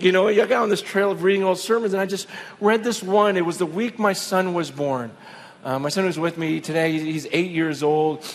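A middle-aged man preaching a sermon, telling a personal story with emotion, dropping to a hush and then building to fervent emphasis. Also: medium pitch, slight background noise. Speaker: pastor.

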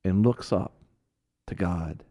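A man with a fairly low voice co-hosting a Christian talk show. He teaches through casual, animated stories and often breaks into laughter. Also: slow. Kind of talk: casual Bible teaching chat.

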